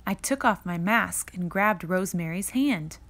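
A woman reading a children's picture book aloud in a slow, expressive read-aloud manner. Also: fairly low pitch. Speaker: reader.

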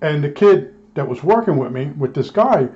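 A man tells a casual, rambling story about his work as an electronics technician, slipping into the back-and-forth of old arguments. His voice sits a touch high for a man. The recording sounds dull and lo-fi. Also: lively intonation, normal speed, darkish tone. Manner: rambling, acts out both sides of old arguments.

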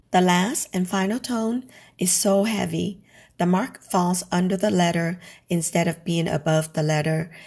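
A woman narrates a scripted lesson, taking her time over every phrase. Her voice has a gravelly fry and a husky grain. She demonstrates each sound on its own, one syllable at a time. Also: fairly low pitch, a little mellow. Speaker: language teacher.

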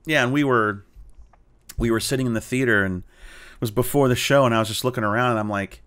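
A man, a cartoonist being interviewed, telling anecdotes in a relaxed, animated way, with frequent fillers and restarts. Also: mid-range voice, fairly quick. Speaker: guest, cartoonist and tabletop game player. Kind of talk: casual storytelling interview.

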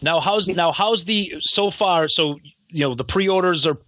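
A man's voice: sits high, measured pace, pushed and bright. A man co-hosting a podcast, asking long rambling questions full of restarts. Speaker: podcast co-host. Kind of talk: casual podcast interview.

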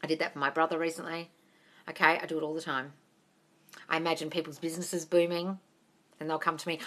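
A woman's voice: sits low, fairly even intonation, fast, long pauses, bright, forceful tone. A woman hosting a casual live Q&A on a phone stream, blunt and sweary, calling her viewers darling. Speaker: manifestation coach hosting a live Q&A.

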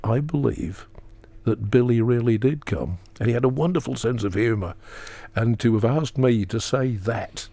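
A man telling a personal story as a talk show guest, earnest and slowing down for emphasis. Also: medium pitch, mellow, no echo. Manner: earnest, dramatic pauses, acts out quotes; slows for emphasis.

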